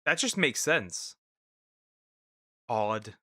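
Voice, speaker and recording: A man's voice: mid-range voice, big pitch swings, very slow, sharp tone. A man streaming and reacting to clips in casual commentary, talking hesitantly with many restarts and repeated words.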